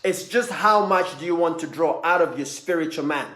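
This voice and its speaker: A man giving a motivational sermon, telling a story with rising intensity and shouting at the peaks. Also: a little high, normal speed, roomy sound. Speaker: speaker.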